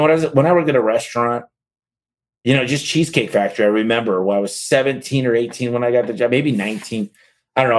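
A man hosting a podcast and answering listener questions in a casual, blunt, rapid-fire way. He sometimes reads lists aloud in a steady rhythm. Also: medium pitch. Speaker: podcast host and business owner. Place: office with bookshelves.

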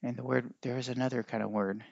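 A man's voice: mid-range voice, little pitch movement, fast talker, gravelly, dry recording. A man hosting a solo podcast, talking in a musing, teacherly way that keeps correcting itself. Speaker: podcast host. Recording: dry, dull lo-fi sound.

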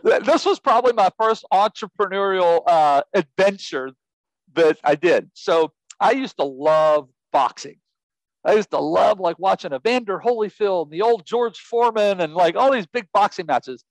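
Male interview guest, animated storyteller with a swooping, very expressive pitch; dry mic. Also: normal speed, no room sound, low-quality recording. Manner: lively, laughs often, acts out quotes.

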